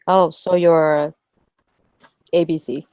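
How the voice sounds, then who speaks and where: A woman's voice: low-pitched, flat delivery, takes it slowly, a little mellow, clean tone, dry recording. Blunt woman, dry voice. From Hong Kong. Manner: blunt, teasing, laughs often. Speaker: panelist. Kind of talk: casual chat.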